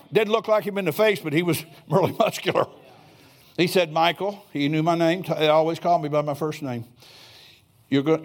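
An older man preaching a sermon in a church, telling stories in a folksy way with chuckling asides. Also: a little high. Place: church sanctuary.

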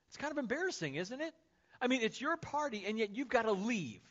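A man's voice: very high voice, big pitch swings, brisk, a bit bright. A male pastor preaching a sermon in a casual, conversational way, speaking to the congregation. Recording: dull lo-fi sermon recording.

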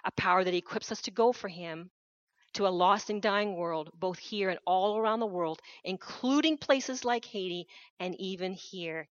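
A woman's voice: mid-range voice, moderate pace, dry recording. A woman preaches a missionary sermon with an earnest, urgent push, circling back on her key phrases. Her voice sits mid-range and is picked up close and dry, with a somewhat dull, muffled tone. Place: church hall.

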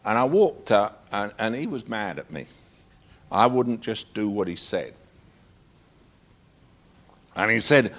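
Male pastor, emphatic and preacherly, voice swings widely in pitch; interview storytelling. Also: lively intonation, slow, pauses often, fairly bright tone. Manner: emphatic, preacherly, punchy short declarations.

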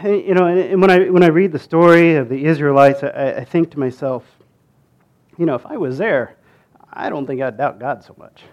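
A man tells a Bible story in a loose, conversational way, stumbling over restarts and fillers and stopping for asides to the listener. His voice sits a little higher than most men's. It sounds unscripted and talky. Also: normal speed, a little mellow, dull audio. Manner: chatty, with many fillers and restarts.

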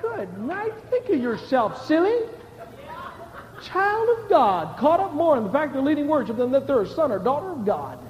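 A man preaching a sermon as a pastor, animated, moving between shouts and hushed asides and laughing often. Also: very high-pitched, moderate pace, big-room sound, highs cut off.

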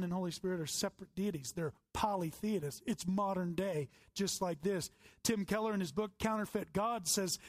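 A pastor preaches with earnest conviction, leaning hard on key words as his raised voice climbs. His tone sits high for a man. The sound is close and dry, with no room around it. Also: no room sound. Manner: earnest, emphatic preaching with rising stresses. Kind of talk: sermon.

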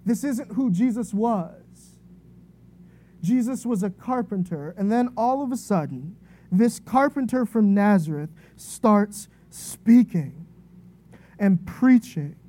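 A woman preaching a sermon in a relaxed, conversational way, telling an illustrative story and often checking in with "right?". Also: mid-range voice, slow pace.

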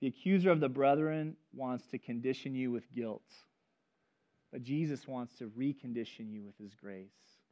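A man preaching a sermon as pastor, telling stories in an animated, conversational way. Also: mid-range voice, moderate pace. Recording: dull lo-fi recording.

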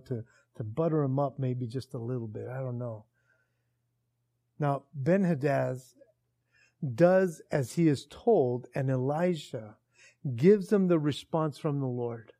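A man preaching a sermon in a casual, animated storytelling way that builds in intensity. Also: mid-range voice, measured pace. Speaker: pastor.

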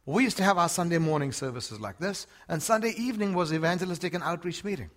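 An older man with an Australian accent preaching a sermon, swinging from hushed words to shouts. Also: a little high, lively intonation, fast talker.

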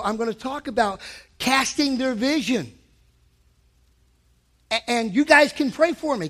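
A man preaching a sermon as pastor at a weeknight church service, emphatic and rising to shouts for emphasis. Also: very high voice.

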